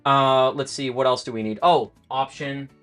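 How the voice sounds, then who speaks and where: A man's voice: mid-range voice, steady tone, normal speed, fairly bright tone, dry recording, faint music behind. A man who is a native English speaker, teaching Spanish on a casual livestream, rambling and often restarting his sentences. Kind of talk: livestream lesson.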